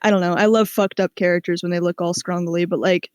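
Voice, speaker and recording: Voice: medium pitch, steady tone, fast talker, smooth, no room sound. A gamer from the American Midwest, chatting casually as a podcast cohost, rambling with many fillers and restarts. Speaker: let's-play podcast cohost. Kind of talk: casual chat.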